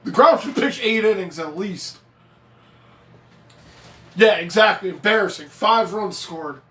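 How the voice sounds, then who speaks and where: A man's voice: high-pitched, animated, a little slow, bright, forceful tone. A man ranting on a live stream as a fan reacting to a game, swearing freely, getting fired up and reading viewer chat aloud. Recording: echoey room.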